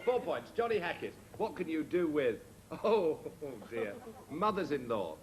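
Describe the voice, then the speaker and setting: Man, comedy panel game host, brisk, jokey, calls scores, noisy archive TV sound. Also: a little high, sing-song. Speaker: quiz host. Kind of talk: panel game hosting with audience. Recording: noisy old TV archive recording.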